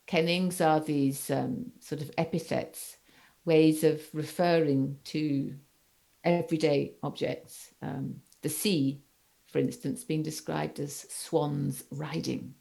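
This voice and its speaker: A woman's voice: low voice, steady tone, slow, vocal fry, warm tone. A woman lecturer giving an online literature class, rephrasing her points as she goes and checking in with her students. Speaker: university lecturer.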